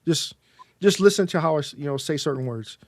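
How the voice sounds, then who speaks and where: A man's voice: on the high side, animated, fairly quick, no room sound, clean studio sound. A man from Texas chatting casually on a livestream, rambling with many fillers and repeated words.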